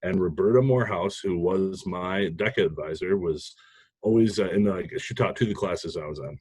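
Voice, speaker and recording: A man from Minnesota, a guest on a podcast, telling stories from his past in an animated, casual way and laughing often. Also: deep voice, moderate pace, husky, no room sound. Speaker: podcast guest, sales manager. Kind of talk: casual storytelling interview.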